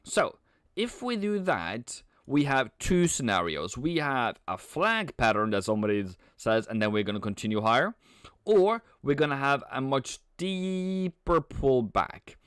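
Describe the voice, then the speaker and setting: A man hosting a live trading stream, talking casually and playfully as he answers chat with frequent halting restarts. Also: mid-range voice, very animated, a bit bright, clean tone, dry recording, studio quality. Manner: chuckles often, halting restarts. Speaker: trading livestream host. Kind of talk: casual live market commentary.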